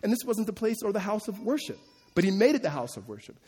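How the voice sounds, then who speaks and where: A man preaching a sermon as the pastor, animated and conversational, often acting out quotes, recorded in a church sanctuary. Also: sits high, fast talker, husky. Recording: long hall reverb.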